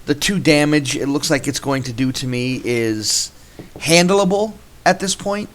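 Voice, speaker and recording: A man's voice: fairly high pitch, a little slow, fairly bright tone. A man hosting a gameplay video, casually commentating his card game and thinking aloud with frequent restarts.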